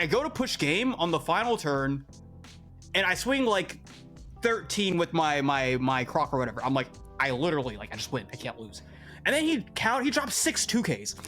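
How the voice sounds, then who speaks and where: A young man, a podcast guest, telling a story in casual chat, animated and exasperated, often repeating himself. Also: high-pitched, moderate pace, soft background music.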